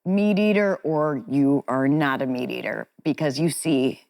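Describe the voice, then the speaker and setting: A woman's voice: very deep voice, a little slow, vocal fry, a little mellow. A woman speaking as an interview guest, telling personal stories in a frank, chatty, self-deprecating way. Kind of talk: candid conversational storytelling.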